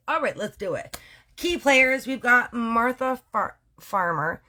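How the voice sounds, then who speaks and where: A woman's voice: fairly high pitch, expressive, normal speed, sharp tone. Playful slangy Canadian woman storyteller. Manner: slangy, playful, self-correcting. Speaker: storyteller host. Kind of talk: casual true-crime storytelling.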